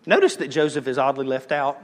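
A man preaching a sermon as pastor, moving between loud calls and hushed, almost whispered lines. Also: mid-range voice, expressive, a little fast, in a large hall.

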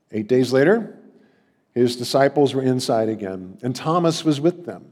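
A man preaching a sermon in a church, conversational and halting, with restarts and mock voices. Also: mid-range voice, lively intonation, darkish tone. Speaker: pastor. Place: church sanctuary. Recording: long hall reverb.

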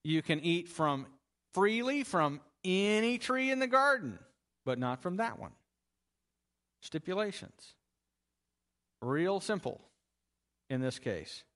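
A man's voice: sits high, sing-song, slow, pauses often, a bit bright. A man teaching a Bible lesson in a conversational, emphatic way, explaining step by step.

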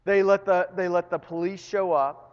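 A man's voice: high-pitched, fairly even intonation, normal speed, smooth. Male pastor, sermon storyteller who repeats words as he restarts, muffled recording in a large echoing church hall. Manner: storytelling, building to loud emphatic peaks. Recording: long reverb, dull lo-fi sound.

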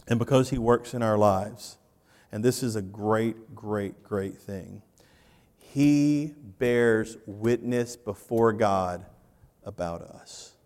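Preaching man in a reverberant church. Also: medium pitch. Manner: animated, swings from loud to hushed, repeats phrases. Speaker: pastor. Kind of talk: sermon.

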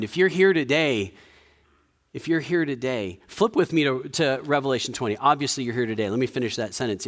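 A man preaching a sermon in a conversational way, with frequent restarts, dropping to a quiet low voice for emphasis. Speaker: pastor.

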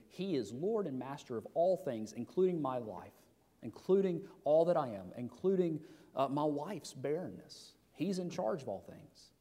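Middle-aged guy preaching a sermon, chatty, lots of questions and restarts, fairly high voice, long hall echo. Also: darkish tone. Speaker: pastor.

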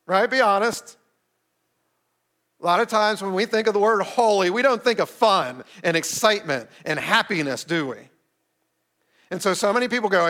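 High-voiced preacher, chatty and playful. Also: male voice, moderate pace, long pauses, a bit bright. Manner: conversational, playful, asks the audience questions. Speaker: pastor. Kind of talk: sermon. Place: streamed service addressing an online chat.

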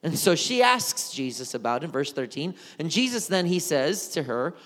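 Animated male preacher in a hall. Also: fairly high pitch, moderate pace, few pauses. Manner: animated, conversational storytelling. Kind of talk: sermon.

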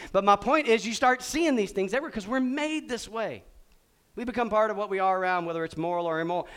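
A middle-aged man preaching a sermon, quizzing his congregation and acting out little scenes with big swings in pitch and volume. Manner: animated, asks the congregation questions. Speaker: pastor.

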